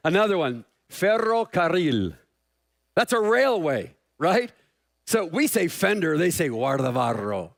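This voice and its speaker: Joking, animated middle-aged male pastor. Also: on the high side, moderate pace. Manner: jokey, self-deprecating, animated. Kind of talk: sermon.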